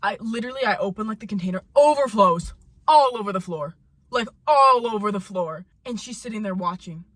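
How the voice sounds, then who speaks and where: A woman's voice: expressive, fairly quick, a bit bright. A young woman telling a storytime rant about a coworker, heated and profane, repeating lines for emphasis. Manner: mimics coworker in high sing-song voice. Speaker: vlogger telling a work story.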